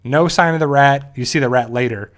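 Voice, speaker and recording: A man hosts a casual recap of a TV episode. He rambles through the plot, keeps circling back, and fills gaps with "uh" and "you know". His voice sits at an ordinary middle pitch. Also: brisk. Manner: rambling with frequent fillers and restarts. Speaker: show host.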